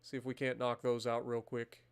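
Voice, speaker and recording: Smooth-voiced man streaming a strategy game. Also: medium pitch, moderate pace. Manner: swears a lot, erupts into loud disbelief; muttering calmly while managing menus. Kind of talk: casual gameplay commentary.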